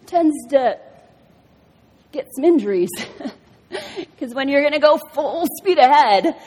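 A woman's voice: high voice, takes it slowly. A middle-aged woman giving a personal testimony sermon at a church, telling stories and acting out the voices in them. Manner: animated storytelling, acts out quotes. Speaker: speaker at a church service. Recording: reverberant hall.

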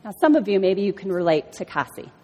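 A woman's voice: mid-range voice, quick pace, breathy edge. Woman preaching in a reverberant hall. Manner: animated storytelling, acts out quotes. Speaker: speaker at a church service. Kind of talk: personal testimony sermon.

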